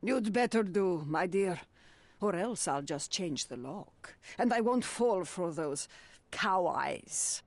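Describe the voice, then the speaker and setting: A woman's voice: lowish voice, animated, takes it slowly, no room sound, exaggerated voice. A stern, nearly blind old landlady. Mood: scolding. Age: older. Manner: scolding, prim. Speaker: landlady in a game. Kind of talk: video game voice acting.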